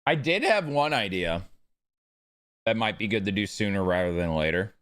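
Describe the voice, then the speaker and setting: A man's voice: fairly low pitch, animated, moderate pace, a bit bright, clear, resonant tone. A man live streaming a video game, chatting with his viewers in a casual, joking way and swearing freely. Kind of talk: live stream chat while gaming.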